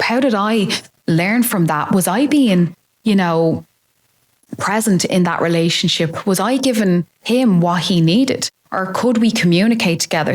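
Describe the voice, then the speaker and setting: A woman in her late thirties, possibly, talking openly and reflectively about her own life as a podcast host. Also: mid-range voice. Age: 30s. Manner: open, reflective, confiding. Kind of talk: candid personal monologue.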